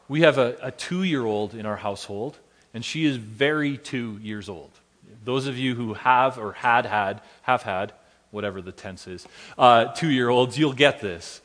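A man, a pastor praying and then preaching a sermon in an earnest way, with gentle self-deprecating humor. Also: medium pitch, a little slow, long reverb tail. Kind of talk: sermon with opening prayer.

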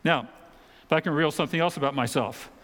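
A man preaching a sermon in a church auditorium, talking in a conversational way with dramatic pauses and the odd mock voice. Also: on the high side, fairly bright tone, long reverb tail. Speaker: pastor.

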